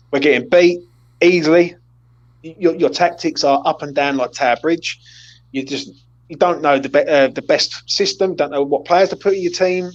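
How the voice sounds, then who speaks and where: A man's voice: on the high side, moderate pace, highs cut off. A man hosting a casual post-match chat, blunt and sweary as he leads the player ratings. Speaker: host of a football fan channel.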